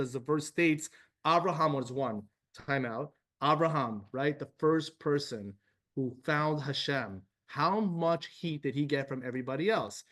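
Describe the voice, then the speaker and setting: A man's voice: fairly high pitch, normal speed. A man teaching a religious class to a live and online group, casual and emotional, talking straight to his students. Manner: animated, emotional, addresses class directly. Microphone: live class also streamed to video call.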